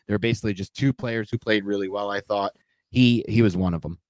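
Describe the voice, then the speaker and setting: Deep-voiced guy talking fast about football, dry close mic. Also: dry recording. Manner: quick, analytical, asks pointed questions. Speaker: podcast co-host. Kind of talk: casual sports chat.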